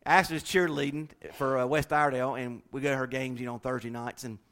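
A man preaching a sermon to his church, swinging from hushed, intimate lines up to loud, rousing declarations. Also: mid-range voice, steady tone, a little fast. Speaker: pastor.

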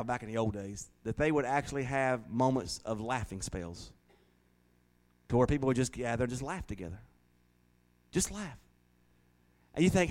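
A man preaching a folksy, joking sermon in a small church, laughing often. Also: mid-range voice. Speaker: pastor.

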